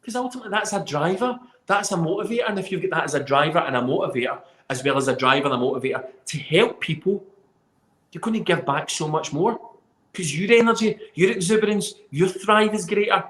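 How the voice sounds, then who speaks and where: A man with a fairly high voice talks emphatically in a casual chat and swears freely. His voice rings in an echoey room. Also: lively intonation, fast talker, fairly bright tone.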